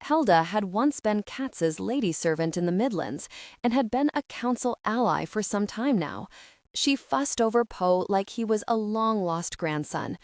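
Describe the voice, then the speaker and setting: A woman narrating a fantasy audiobook in a calm, even storytelling manner, close to the mic. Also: mid-range voice, unhurried, no echo.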